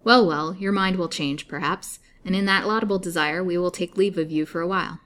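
A woman's voice: on the low side, fairly quick, fairly bright tone, natural voice. A woman voicing a sardonic male doctor who speaks with mocking persuasion.

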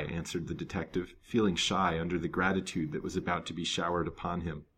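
A man narrating a serial novel in a measured, even reading voice. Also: sits low, a little hiss or hum. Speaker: storyteller.

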